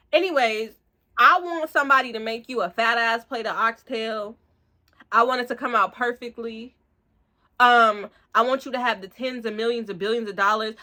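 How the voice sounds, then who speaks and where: A young woman, rambling excitedly in a casual book review, full of fillers and slang. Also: fairly high pitch. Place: room at home, street outside.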